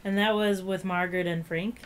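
A woman's voice: on the low side, fairly even intonation, normal speed. A woman co-hosting a podcast, chatting casually and giving her opinions at length. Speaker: podcast co-host. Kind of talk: casual chat.

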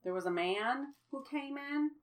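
A woman co-host in casual chat, lively and quick to laugh. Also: high-pitched, distant mic. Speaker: podcast co-host.

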